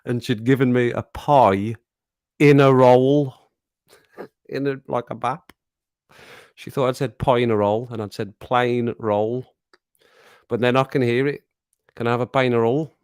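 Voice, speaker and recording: Man, chatty livestream host, laughs a lot, dry close sound, middle pitch. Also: fairly even intonation, measured pace, long pauses, a little mellow, clean tone, no room sound. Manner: chatty, laughs often, reads chat aloud. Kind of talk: casual livestream chat.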